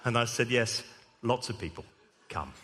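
A man's voice: medium pitch, animated, normal speed, very noisy. A man, a vicar, preaching a sermon and telling a humorous story. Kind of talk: sermon with anecdote. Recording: long hall reverb.

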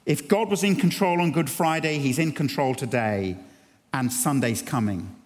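A man's voice: medium pitch, normal speed. A man preaching an earnest sermon, rising to emphatic peaks. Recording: long reverb of a large hall.

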